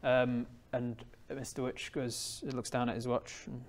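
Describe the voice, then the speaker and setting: A man running a tabletop role-playing game as game master. He narrates in a loose, rambling way, with plenty of fillers. His voice sits at an ordinary middle pitch. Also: flat delivery, fairly quick, hardly any pauses, a little mellow.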